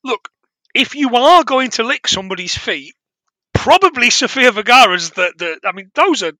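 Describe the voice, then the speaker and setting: A man's voice: very high-pitched, animated, normal speed, bright, forceful tone, no echo. A man chatting casually as a podcast co-host, rambling with frequent laughs and restarts. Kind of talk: casual film review chat.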